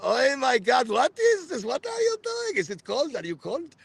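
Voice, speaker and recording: A man putting on the voice of his excitable, hysterical mother, shrieking loud exclamations. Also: very high voice, moderate pace, gravelly, husky, no room sound, pitched above the performer's own voice, exaggerated voice.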